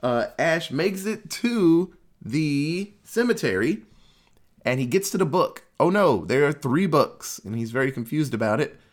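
A man's voice: fairly high pitch, sing-song, unhurried. A man casually recapping a movie plot in a loose, jokey way, swearing freely.

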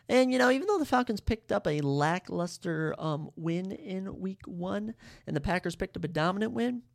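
A podcast host giving sports picks in casual chat, excitable and rambling, often correcting themselves. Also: mid-range voice, creaky. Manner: excitable, fired-up fan talk; rambling, self-correcting asides.

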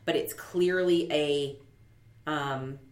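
A woman's voice: low-pitched, steady tone, very slow. A woman co-hosting a podcast in casual chat, firm and opinionated as she lays down rules. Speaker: podcast co-host. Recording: roomy echo.

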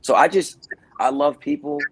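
A man's voice: a little high, normal speed, rough recording. A man, an actor and dancer, telling stories in a casual interview and acting out the people he quotes. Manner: animated storyteller who acts out voices of people he quotes.

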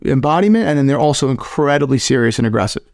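A young man co-hosting a podcast, telling animated stories in casual, profane chat. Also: mid-range voice, quick pace, no echo, studio quality. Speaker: podcast co-host.

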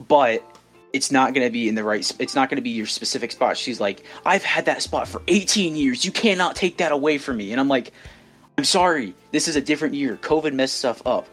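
A young man co-hosting a podcast, telling a story in casual chat, rambling with many restarts. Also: medium pitch. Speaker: podcast co-host.

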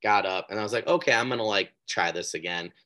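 A man hosting a podcast interview, upbeat and chatty, with quick reactions and rambling asides. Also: lowish voice, sharp tone. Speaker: podcast host. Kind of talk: casual interview chat.

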